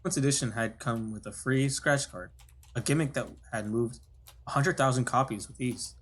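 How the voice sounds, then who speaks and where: A man's voice: medium pitch, moderate pace. A man streaming himself reading a visual novel aloud, casual, stopping to comment and correct himself.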